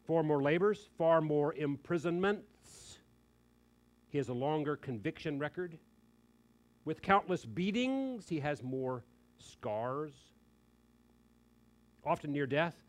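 Emphatic preacher man, slightly high voice. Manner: animated and emphatic, with quick joking asides. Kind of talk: sermon.

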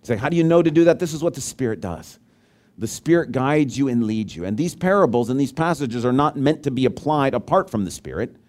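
A man preaching a sermon as pastor, talking conversationally and asking the congregation questions, swinging between loud emphasis and quiet low asides. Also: lively intonation, a little fast.

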